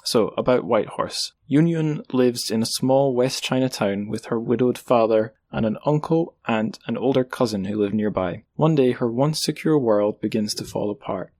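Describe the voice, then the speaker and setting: A man's voice: medium pitch, moderate pace, hardly any pauses, darkish tone. A man hosting a podcast, reading news and book blurbs casually with many fillers. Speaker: podcast host. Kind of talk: solo podcast news segment.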